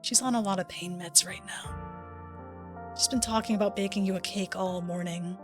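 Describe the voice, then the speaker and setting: A woman voicing a tired, gentle young father who speaks softly and reassuringly. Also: medium pitch, steady tone, normal speed, music in the background, lightly acted. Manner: soft, reassuring.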